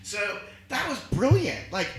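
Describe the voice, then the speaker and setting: A man co-hosting a podcast, telling stories in an animated, swearing way with laughter. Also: sits high, a little slow, echoey room. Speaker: podcast co-host. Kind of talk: casual comedic storytelling.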